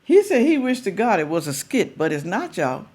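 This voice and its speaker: A woman's voice: medium pitch, sing-song, normal speed, darkish tone. A woman hosting a reaction video, chatting straight to her viewers in a casual, teasing way.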